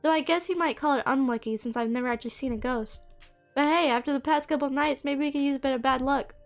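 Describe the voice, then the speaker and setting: A bubbly, friendly young woman who chatters easily as a woman reads her lines aloud. The voice is high and light, with a little music faintly behind it. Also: fast, gravelly. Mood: cheerful. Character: cheerful sleepy young woman, friendly cousin.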